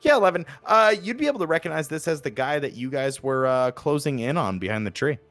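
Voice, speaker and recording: A man's voice: fairly high pitch, animated, quick pace, fairly bright tone, faint music behind. A man with a New Jersey accent narrating as game master, rambling with lots of fillers. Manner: rambling, many fillers, laughs often.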